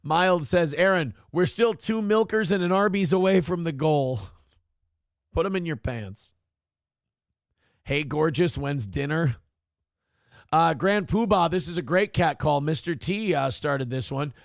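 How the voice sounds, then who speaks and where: A man's voice: a little high, expressive, measured pace, gravelly, pauses often, dry recording, clean studio sound. A man hosting a live internet morning show, reading viewer comments aloud in a crude, joking, mock-announcer way.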